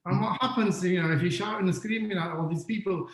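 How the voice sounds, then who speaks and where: Guy with a fairly high voice teaching a webinar, keeps asking the audience stuff, echoey room. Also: fast, few pauses. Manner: questions the audience often, repeats key points. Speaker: webinar speaker on leadership. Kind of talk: interactive online lecture.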